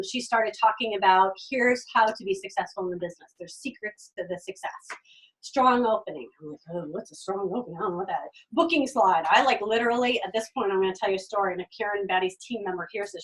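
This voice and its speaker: A middle-aged woman telling her own story in an animated way, acting out what others said and laughing often. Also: a little high, far from the mic, poor audio. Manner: acts out quoted voices, laughs often, lively. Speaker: direct sales consultant telling her story.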